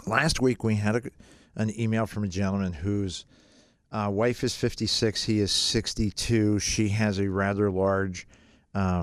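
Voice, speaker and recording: A middle-aged man on a radio call-in show, talking in a somewhat low voice that sits dry and close to the mic. He chats loosely and pokes fun at himself, then walks listeners through finance points and says the important ones twice. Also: no echo. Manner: chatty, self-mocking, repeats key points. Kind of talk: casual radio talk on retirement finance.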